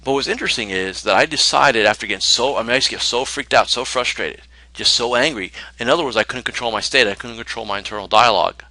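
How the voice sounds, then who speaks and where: A man's voice: medium pitch, quick pace, few pauses, sharp tone, dry recording, rough recording. A middle-aged man coaching financial advisors in a conversational talk, full of rhetorical questions and tag questions. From New Jersey.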